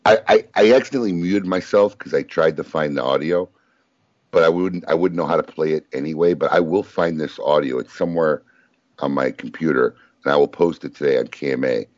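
A man's voice: rumbling low, a little fast, dry recording. A man hosting a casual talk show, telling stories with lots of energy and frequent laughter. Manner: animated storyteller, laughs often. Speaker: host. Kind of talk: casual chat. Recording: dull lo-fi sound.

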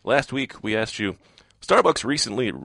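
A man's voice: medium pitch, big pitch swings, moderate pace, vocal fry, sharp tone, no room sound. A man hosting a talk radio show, reading giveaway promos in an upbeat way.

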